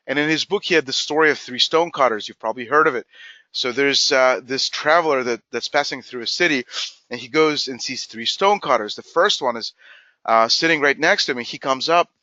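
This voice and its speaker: A man presenting a business webinar as a company executive, in an energetic, emphatic manner. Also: medium pitch, fairly quick, dry recording, dull audio. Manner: energetic, emphatic, acts out quoted dialogue.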